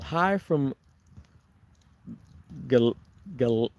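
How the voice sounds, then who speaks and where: Man, somewhat high voice, casual livestream chat, rambling, chuckles, camping in a forest, dry sound. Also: sing-song, drawn-out words, gravelly, pauses often, a little mellow, no room sound. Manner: rambling, chuckling, frequent restarts. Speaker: Bigfoot researcher vlogger. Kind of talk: casual livestream chat reading viewer comments. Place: camping on remote forested property.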